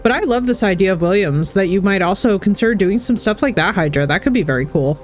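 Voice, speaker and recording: A woman in her thirties chatting casually while streaming a game, animated and talkative. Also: medium pitch, fast talker, faint music behind. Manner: chatty, animated, slips into put-on voices. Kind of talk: casual chat while gaming.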